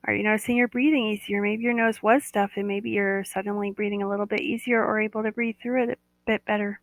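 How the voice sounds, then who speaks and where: A woman's voice: medium pitch, little pitch movement, fast, dry recording, low-quality recording. A woman who leads a guided body-awareness meditation live, talking in a soothing, coaxing way and often repeating "that's right.".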